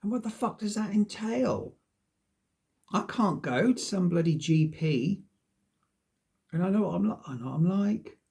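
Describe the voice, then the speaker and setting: A man talks to camera in a loose, wandering ramble. His voice is gravelly and mellow, and he pokes fun at himself while swearing freely. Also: high-pitched, lively intonation, unhurried, long pauses. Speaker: vlogger. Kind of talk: casual rambling monologue to camera.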